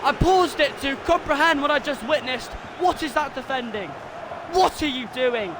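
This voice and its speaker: A young man calls his own football video game in a very high voice. He rants about poor defending and yells when the goals go in, like a fired-up fan doing commentary. A clear layer of background noise runs under the stream. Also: normal speed. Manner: swings between frustrated ranting and shouted goal calls.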